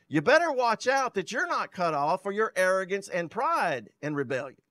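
A male pastor preaching a sermon, reading scripture aloud and explaining it with emphatic swells in loudness. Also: sits high, no room sound. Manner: loudness rising and falling sharply for emphasis.

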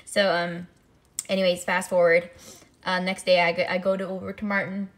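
Young woman streamer rambling through a story, casual chat, gets loud and squeaky on the reactions. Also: moderate pace. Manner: animated storytelling, pitch jumps for quoted reactions. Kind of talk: casual chat while eating. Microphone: desk mic, no face cam.

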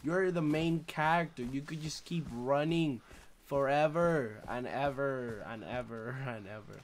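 A young man streaming a shooter game live, swearing and trash-talking through casual commentary with sudden loud outbursts. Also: mid-range voice, unhurried, slight background noise. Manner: profane, loud, reacts with outbursts and trash talk. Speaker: gaming streamer.

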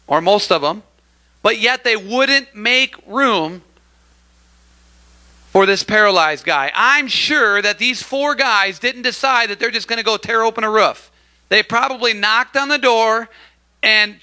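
A man delivers a sermon in a church. His voice sits high for a man and sounds very bright and forceful. He speaks in an animated way, asks the congregation questions and calls out praise between points. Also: a little slow. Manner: animated, acts out crowd voices, calls for amens. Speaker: preacher.

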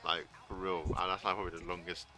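A man streaming a wrestling video game live, excitedly commentating, swearing and shouting at the screen. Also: sits low, fast. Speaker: gaming streamer.

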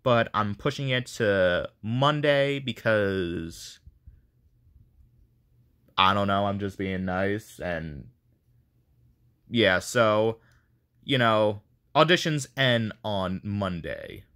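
Rambling man with a bright, lowish voice. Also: expressive, very slow, long pauses, clean tone. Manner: rambling, self-deprecating. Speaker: video creator running a voice casting call. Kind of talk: casual chat to viewers.

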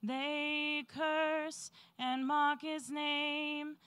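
A woman singing a slow gospel solo in church, soaring on the refrain. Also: sits high, little pitch movement, fairly bright tone, soft background music. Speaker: church soloist. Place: church sanctuary.

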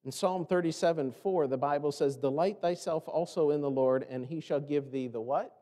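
An American man preaching a sermon as pastor, animated and often mimicking the complaining voices of others. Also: fairly high pitch, moderate pace. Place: church sanctuary. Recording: long church reverb.

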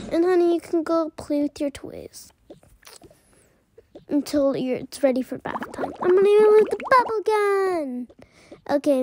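High-pitched, slow-talking role-play narrator. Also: female voice, vocal fry, a little mellow, a little hiss or hum. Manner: chatty, addresses viewers, many fillers. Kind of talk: playing a mom in a toy role-play.

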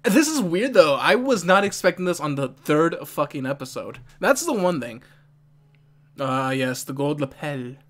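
An excitable anime reaction host in casual commentary, often laughing and talking back to the screen. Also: medium pitch, normal speed.

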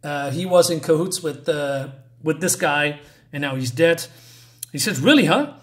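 A man's voice: on the high side, fairly even intonation, measured pace. A man giving a casual comic book review, reading panels aloud, rambling with many fillers and restarts, enthusiastic about the artwork.

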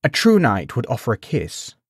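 A man's voice: medium pitch, wildly swooping pitch, normal speed, slightly rough, no room sound, studio quality. A man voicing a forward, seductive noblewoman who speaks in a coaxing, assured way in a storybook reading.

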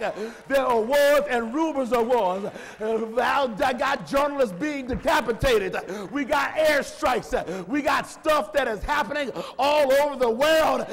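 A man's voice: very high voice, vocal fry. A male pastor preaching a sermon in a fervent, half-sung cadence with frequent "uh" fillers, in a church. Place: church sanctuary. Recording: long reverb of a church hall.

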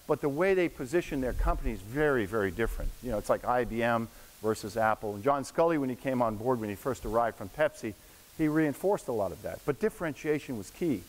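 A man's voice: medium pitch, animated, fast talker. A man in his sixties giving a casual, anecdotal lecture to an audience in a university hall, slipping into voices when he quotes people. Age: 60s. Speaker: guest lecturer. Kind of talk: storytelling lecture. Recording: echoey hall, faint hiss.

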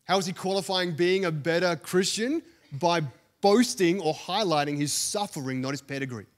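A man's voice: high voice, normal speed. A man with an Australian accent, a pastor preaching a sermon to a congregation in a church, earnest and building emphasis through repeated phrases.

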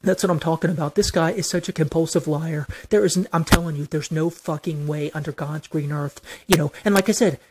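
A vlogger rants straight to camera in a venting monologue, heated and profane. The speech circles back over the same complaints again and again. It sounds aggrieved and insistent, pitched in a middling range. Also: background noise.

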